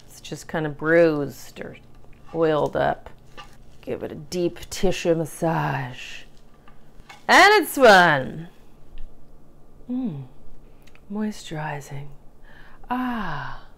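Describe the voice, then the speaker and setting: A woman's voice: deep voice, takes it slowly, vocal fry, long pauses, darkish tone. A woman making a salad on camera, gushing over the food, exclaiming and humming her approval as she works. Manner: murmurs and hums of approval. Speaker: cooking vlogger. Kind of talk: casual cooking demonstration.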